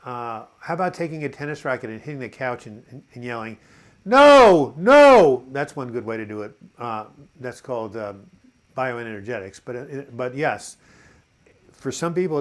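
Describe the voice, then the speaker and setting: Older man hosting a relaxed live chat. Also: medium pitch. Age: 70s. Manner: reads comments aloud and answers them, warm and encouraging; halting, frequent uh and repeated words. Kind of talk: casual live chat, reading viewer comments.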